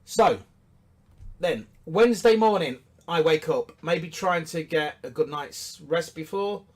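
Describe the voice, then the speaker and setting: A man's voice: a little high, lively intonation, slow pace. A man giving a business coaching talk, emphatic and repetitive, asking rhetorical questions and hammering his points.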